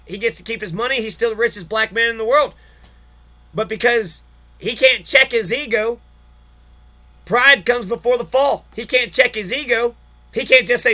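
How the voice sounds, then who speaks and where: A man with a strikingly high voice and a piercing, sharp edge, ranting about politics as a podcast host. He swears constantly and sounds exasperated, piling one profane jab on the next. Every line comes out hard-edged and cutting. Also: fairly quick.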